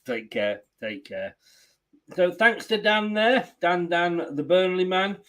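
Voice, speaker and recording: A man hosts a football watch-along stream in casual chat. He teases his co-host and the chat and laughs easily. His voice sits slightly high. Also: expressive, slow pace, fairly bright tone. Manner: jokey, teasing, laughs often.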